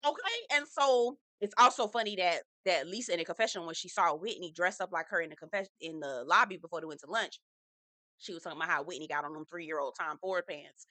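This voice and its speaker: A woman's voice: lowish voice, very animated, fairly quick, sharp tone, dry recording. A woman casually recapping a reality TV episode in a sassy, profane, gossipy way, slipping into impressions of the cast. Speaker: reality TV reviewer.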